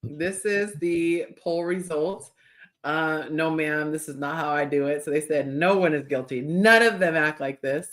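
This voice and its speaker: A woman hosting a podcast in casual chat, telling stories with animated quoted voices. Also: low-pitched, measured pace. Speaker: podcast host.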